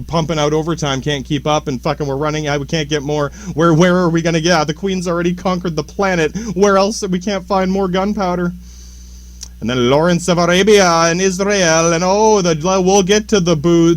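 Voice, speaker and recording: A man with a voice pitched a little high talks through a loose, profane podcast rant. He rambles, restarts and jokes as he goes, and often swears. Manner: profane, rambling, jokey with sudden excited outbursts. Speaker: podcast host. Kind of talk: casual history rant.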